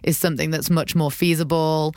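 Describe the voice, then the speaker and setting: A woman's voice: deep voice, flat delivery, a little fast, darkish tone, dry recording. A woman radio host from the UK, interviewing a guest in a friendly, chatty way. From United Kingdom. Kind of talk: casual interview chat. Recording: dry close mic.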